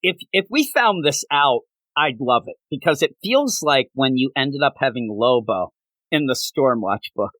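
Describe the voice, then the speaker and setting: A man co-hosting a casual comic book review chat, animated and quick to act out characters in little bits. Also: mid-range voice, no echo.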